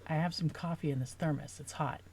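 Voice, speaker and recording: A woman's voice: sits low, steady tone, brisk, a little hiss or hum, lightly acted. A woman reading as a kind, burly truck driver. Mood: reassuring. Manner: gentle, reassuring. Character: large, kind male logging truck driver.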